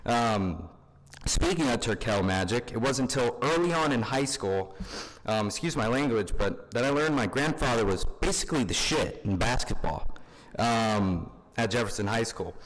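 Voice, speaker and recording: Young male eulogist, low voice, casual and halting, long reverb of a large hall. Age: young adult. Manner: informal, many fillers. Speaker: grandson giving a eulogy. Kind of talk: funeral eulogy.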